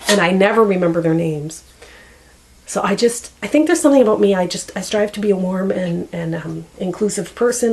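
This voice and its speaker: A woman's voice: on the low side, a little mellow, rough recording. A woman in her forties chatting casually to the camera, rambling and often searching for words. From Canada. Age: 40s. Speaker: vlogger.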